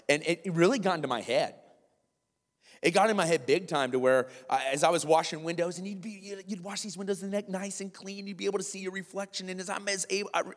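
A man preaching a sermon, telling a long personal story with lively quoted voices and asides to listeners. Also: on the high side, a little fast. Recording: long hall reverb.

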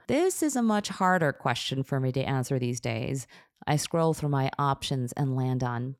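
A woman's voice: a bass voice, animated, normal speed, no echo. A woman podcast host reading her memoir aloud in a candid, wry, self-deprecating way, close to the mic. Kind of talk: memoir narration.

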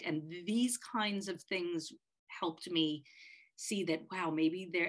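A middle-aged woman co-hosting a podcast, telling a personal story in a heartfelt, halting way with many restarts. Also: lowish voice. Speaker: podcast co-host, parent of a child with a disability.

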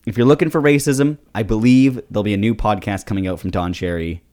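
A man co-hosting a casual comedy podcast, teasing his partner in a dry, deadpan way. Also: fairly low pitch, quick pace. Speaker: podcast co-host.

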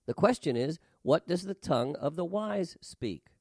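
A man's voice: a little high, animated, moderate pace, darkish tone, no echo. Emphatic male preacher, dry close sound. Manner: emphatic, rhythmic delivery with rising stresses. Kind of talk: sermon with scripture reading.

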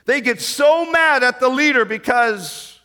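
A man's voice: extremely high pitch, a little slow. A middle-aged man preaching a sermon, reading scripture and retelling it expressively, joking with his listeners. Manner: expressive, rising and falling in volume, jokes with the audience.

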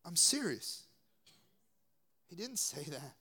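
Young southern guy preaching, emphatic, kinda high voice, southern accent. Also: very animated, slow pace, pushed and bright, husky. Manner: emphatic, drops to whispered asides. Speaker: guest preacher. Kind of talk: sermon.

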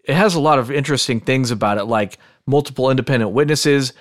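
A man's voice: medium pitch, fast, no echo, clean studio sound. A man hosting a podcast, chatting casually and joking playfully. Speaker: podcast host. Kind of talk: casual chat.

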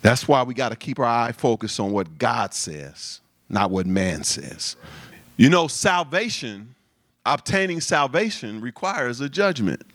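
With an unhurried, medium-pitched voice and no room sound, a pastor delivers an energetic sermon. He leans on repetition and call-and-response with the congregation.

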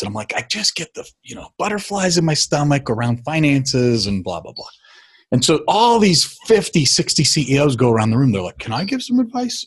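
A middle-aged man, a guest in a relaxed storytelling chat, recounts a turning point in his life. His mid-range voice is husky and a little breathy. He tells the story with animation, slipping into lively impressions of the people he quotes.

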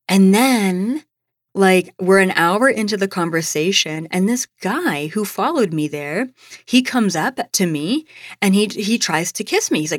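A woman's voice: lowish voice, lively intonation, normal speed, no echo, studio quality. A young adult woman hosting a podcast, telling a personal story in a chatty way, full of "like" and "you know". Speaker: podcast host.

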